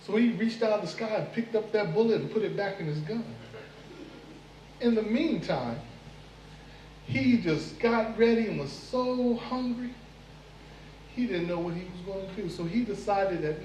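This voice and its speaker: A man telling a folk tale live at a venue, expressive with dramatic pauses. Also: high voice, a little hiss or hum. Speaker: storyteller. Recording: echoey room, mic far off.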